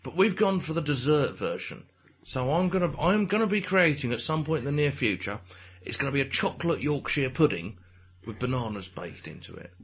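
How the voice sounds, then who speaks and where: Husky, lively man bantering. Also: medium pitch, brisk, hardly any pauses. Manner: jokey, crude, laughs often. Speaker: podcast co-host. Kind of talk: casual banter.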